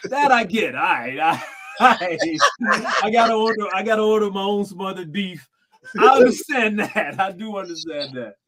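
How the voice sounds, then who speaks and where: A man's voice: high-pitched, animated, normal speed, a crowd in the background. A man co-hosting a podcast, telling stories in casual slangy chat and laughing often. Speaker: podcast co-host.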